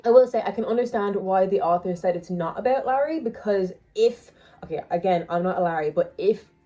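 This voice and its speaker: Brief: young woman, low-ish voice, rambling casual vlog chatter, slightly muffled recording. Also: mellow. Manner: chatty and rambling, many "like" fillers and restarts. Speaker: book vlogger. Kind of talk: casual chat, reading vlog. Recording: slightly dull lo-fi sound with faint music. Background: faint background music.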